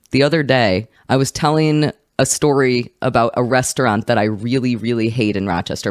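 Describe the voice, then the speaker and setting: A woman hosting a comedic film review podcast, telling stories as a profane, animated ranter. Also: a bass voice, dry recording, studio quality. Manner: profane, animated ranting storyteller. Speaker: host.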